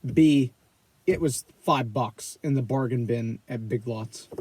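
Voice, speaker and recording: A man's voice: medium pitch, slow, darkish tone, a little hiss or hum. Blunt, opinionated male podcast co-host. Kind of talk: casual chat.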